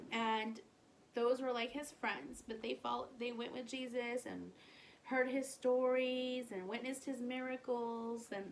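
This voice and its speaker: Animated woman telling a children's story. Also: fairly high pitch, a little hiss or hum. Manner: animated, sing-song, asks the listener questions.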